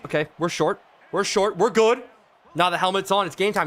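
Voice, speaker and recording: A young man streaming a football video game, calling the plays excitedly and chatting with his viewers, his voice worn out. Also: high-pitched, moderate pace. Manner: excitable, talks to chat, play-by-play calls. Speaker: gaming streamer.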